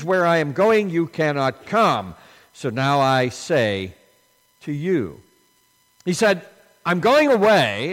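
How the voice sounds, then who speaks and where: A man preaching with a lively, swinging delivery, his voice climbing on the points he stresses. He sits a little high for a man and goes low and hushed in prayer. A long hall reverb trails each phrase. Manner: emphatic, rising on key lines, hushed and low in prayer. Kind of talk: sermon with prayer.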